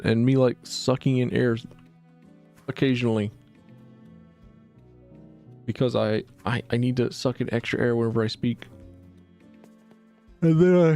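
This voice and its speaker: A young man streams a video game, offering casual commentary that rambles self-deprecatingly while he fusses with his microphone. His voice is medium-pitched, mellow, and creaky.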